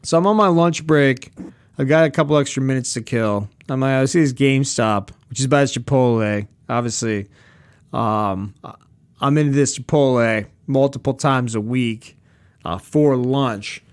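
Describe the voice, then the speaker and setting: A man's voice: medium pitch, normal speed, clear, resonant tone. A young man hosting a podcast, telling a rambling, profane, sarcastic story in casual chat with chuckles and asides. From Pacific Northwest of the US. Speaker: podcast host. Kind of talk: casual comedic storytelling monologue.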